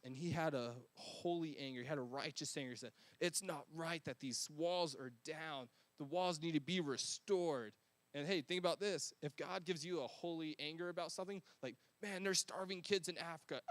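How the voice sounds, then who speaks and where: Relaxed, slangy preacher with a high-pitched male voice, dry recording. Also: dry recording. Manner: casual, conversational, slangy. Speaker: pastor. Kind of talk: sermon.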